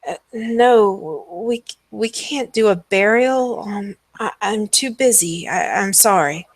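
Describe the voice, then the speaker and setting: A woman voicing a dazed old male priest with a hoarse, weak, halting voice. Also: medium pitch, no echo. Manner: distracted, halting.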